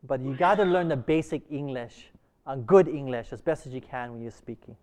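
A man's voice: medium pitch, fairly quick, darkish tone. A man leading an interactive Bible class, asking the group many short questions. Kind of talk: interactive church class discussion.

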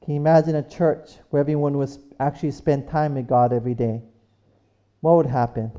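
Preacher giving a sermon, warm low-key voice, keeps asking amen? and repeating stuff. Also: fairly even intonation, brisk, highs cut off. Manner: repetitive, rhetorical, calls for amens.

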